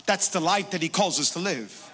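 A man pastor preaching a sermon, emphatic, moving between hushed passages and loud, rising declarations. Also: sits high, animated, moderate pace, big-room sound.

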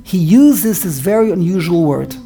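A woman's voice: fairly low pitch, animated, moderate pace, dark tone. Earnest woman teaching a Bible class. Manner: earnest, repeats and restarts phrases while explaining. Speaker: Torah teacher.

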